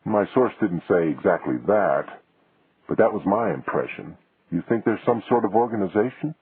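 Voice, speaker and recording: A man doing a curious woman reporter who asks pointed questions with a husky edge. The sound is dry and thin, like a phone line. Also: sits low, lively intonation, normal speed, no echo, pitched above the performer's own voice, heavily acted. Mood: guarded. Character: woman, a sharp, inquisitive journalist. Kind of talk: audiobook dialogue.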